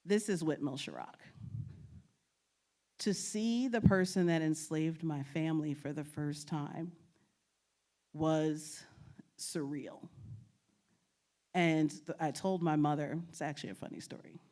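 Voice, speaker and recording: Lower-voiced woman telling family stories. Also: unhurried, pauses often. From New York. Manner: animated, laughing, acts out family quotes. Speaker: guest speaker. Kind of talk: storytelling presentation. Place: lecture at a state archives building.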